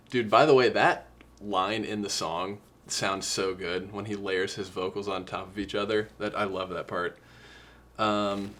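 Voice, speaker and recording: Homme grave et sérieux, ému. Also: male voice, lowish voice, steady tone, a little slow, a bit bright. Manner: earnest, emotional, quotes lyrics. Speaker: podcast co-host. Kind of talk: casual music discussion.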